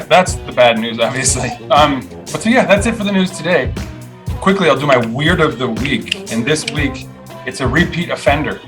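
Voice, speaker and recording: A man's voice: mid-range voice, rough recording. A man hosting a podcast, giving opinionated, sardonic commentary on the week's news in a loose, rambling way full of fillers and restarts. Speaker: podcast host.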